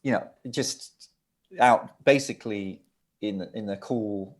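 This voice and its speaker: Here a middle-aged man from England, a record producer by trade, talks through his family's history during a casual interview. His voice is on the low side and slow, and his telling wanders from anecdote to anecdote with many restarts.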